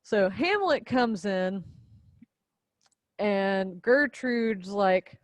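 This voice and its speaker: A woman's voice: mid-range voice, slow, no echo. A young woman casually and playfully summarizing a play for a class video. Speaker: student presenter.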